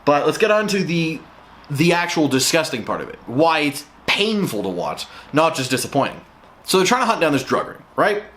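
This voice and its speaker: Male reviewer, slightly high voice, lively swings, profane exasperated rant. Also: moderate pace. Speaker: show reviewer. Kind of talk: ranting review vlog.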